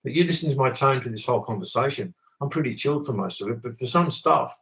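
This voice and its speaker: A man's voice: medium pitch, animated, fast, vocal fry, hardly any pauses, a bit bright, rough recording. A man talking with passion on a video call, swearing often and preaching his views. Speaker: channel host. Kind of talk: impassioned conversational rant.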